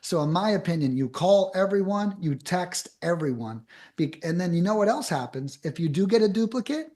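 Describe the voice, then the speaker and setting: A man on a podcast as a guest, giving blunt, emphatic advice in fast bursts with casual swearing. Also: high voice, expressive, darkish tone.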